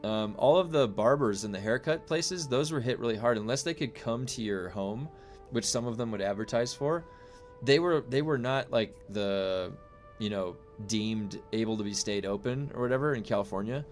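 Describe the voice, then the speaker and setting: Over soft background music, a young adult man from the US chats with his stream viewers and reads their comments. His mid-range voice moves at normal speed through rambling talk full of fillers and restarts.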